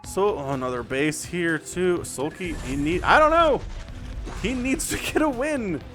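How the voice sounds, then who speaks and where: A man doing solo play-by-play commentary on a strategy game, excitable and talking straight to viewers and players. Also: sits high, measured pace. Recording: music bed playing under the voice.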